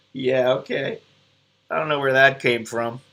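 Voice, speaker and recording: A middle-aged man from the United States hosts a casual live stream from his computer, rambling and making self-deprecating jokes. His medium-pitched voice sounds pushed and bright, with a little hiss or hum.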